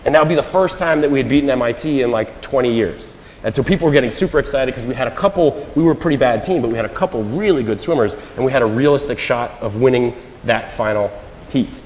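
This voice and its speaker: Animated male speaker in a reverberant hall. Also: medium pitch, quick pace, slight background noise. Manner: animated storyteller, acts out quoted lines. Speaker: conference speaker. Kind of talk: anecdotal conference talk. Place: large hall. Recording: roomy hall with long reverb.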